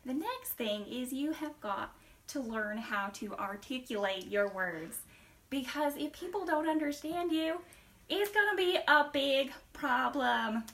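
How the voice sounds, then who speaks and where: A woman's voice: sits high, a bit bright, distant mic, heavily acted. A woman doing a chatty Southern acting coach. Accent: put-on Southern US. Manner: brisk, listy, emphatic with sudden drops to a whisper. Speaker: acting trainer in a class skit. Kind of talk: comedic skit interview.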